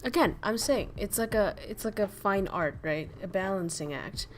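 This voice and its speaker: A woman's voice: mid-range voice, moderate pace, slight background noise. A woman streaming casual chat as a VTuber, ranting bluntly with lots of swearing, laughing and answering chat messages.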